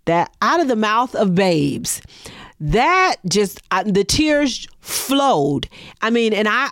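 A woman's voice: medium pitch, dry recording, studio quality. A middle-aged woman, a business owner, tells a personal story in a monologue and acts out the dialogue. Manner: expressive, acts out quoted dialogue.

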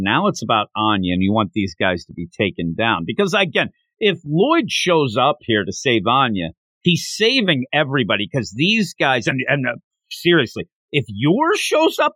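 A man's voice: medium pitch, moderate pace, no room sound. A man hosting a podcast, retelling a manga chapter in casual chat and acting out the characters. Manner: animated storyteller, acts out the characters' lines. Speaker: podcast host.

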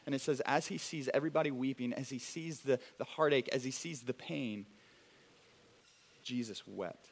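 A young man preaching a sermon to a congregation in a church, animated and conversational, with frequent restarts and acted asides. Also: medium pitch, normal speed, vocal fry. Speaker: pastor.

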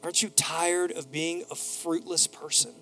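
A man's voice: fairly high pitch, steady tone, a little slow, a bit bright, faint music behind. A man preaching a sermon as pastor, building to emphatic repeated phrases and telling a neighbor's story in a casual voice. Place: church sanctuary.

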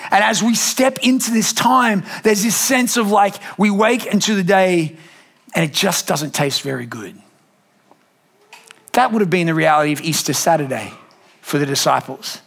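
A man, a pastor telling a lively family story in a sermon and acting out the voices. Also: sits high. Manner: animated, acts out family voices.

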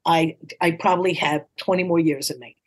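A comedian from New York City, in her sixties, guests on a podcast and tells stories fairly quickly in a low-pitched voice. The talk is casual interview storytelling, and she's lively and encouraging, aiming for punchlines and mimicking quoted dialogue in playful voices.

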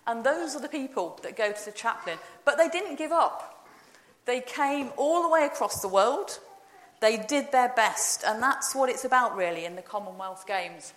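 A woman's voice: a little high, lively intonation, normal speed, fairly bright tone. A woman leading an informal all-age talk in a church service, chatty and playful as she quizzes the congregation. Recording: roomy church echo.

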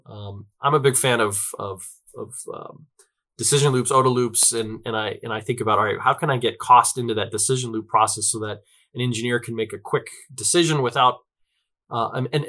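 A man speaks as a guest in an interview, his voice bright and forward in a middle register. He talks loosely and conversationally, checking in with listeners as he goes and filling pauses with small hesitations. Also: mid-range voice. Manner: chatty, peppers sentences with "right?" and fillers. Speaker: guest, tech company representative.

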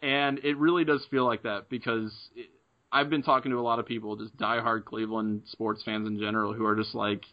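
A man hosting a sports podcast who talks in a quick, easygoing, casual way. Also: fairly low pitch, flat delivery, highs cut off.

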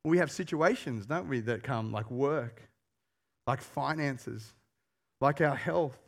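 A pastor preaching a sermon, telling stories with animation and putting questions to the congregation. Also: male voice, mid-range voice, slow, gravelly. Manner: animated storyteller who asks the congregation questions.

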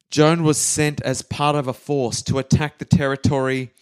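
A man co-hosting a casual history podcast, telling the story with animated flair and quick voices for the people in it. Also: fairly high pitch, clear, resonant tone. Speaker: podcast co-host.

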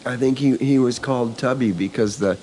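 A man's voice: mid-range voice, fairly quick, a little mellow, slight background noise. An older man, a store owner and organic farmer, casually telling stories of his building in a rambling way, seated in the back room of a country store. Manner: rambling, full of restarts and asides. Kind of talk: casual conversational storytelling.

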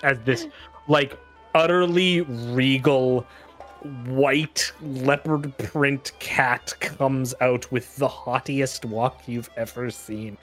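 A man's voice: medium pitch, takes it slowly, a bit bright, faint music behind. Guy running a tabletop game, chatty and loose, lots of likes and uhs. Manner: casual, rambling, with many fillers. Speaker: game master.

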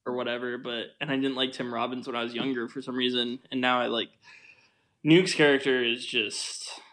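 A man's voice: mid-range voice, level tone, moderate pace, a bit bright. A young man co-hosting a podcast, chatting casually about a film, rambling with lots of fillers and frequent laughter. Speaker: podcast co-host.

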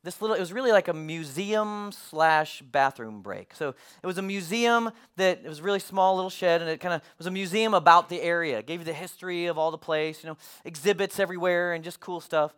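A man preaching with a voice pitched well above the usual male range. He tells his story in an animated, emphatic way, building toward his sermon point. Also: brisk, few pauses, clean tone. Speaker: pastor.

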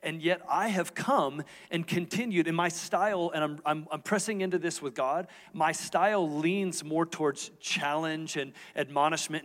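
Middle aged pastor guy preaching, chatty and honest, kinda high voice, echoey church hall. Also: moderate pace, hardly any pauses, fairly bright tone. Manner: candid, conversational, asks the audience questions. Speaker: lead pastor. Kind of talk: sermon. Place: church auditorium stage.

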